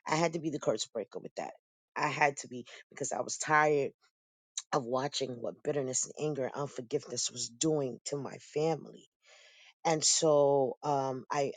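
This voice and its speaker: A middle-aged woman giving a personal testimony in a lively, storytelling way, often breaking into laughter. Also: sits low, dry recording. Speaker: guest sharing testimony.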